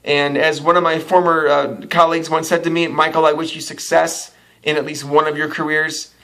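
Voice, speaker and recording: A man's voice: on the high side, level tone, a little fast, fairly bright tone. A man telling a funny restaurant story in a casual vlog, chatty, acting out the quotes and laughing along. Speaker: actor and model vlogger.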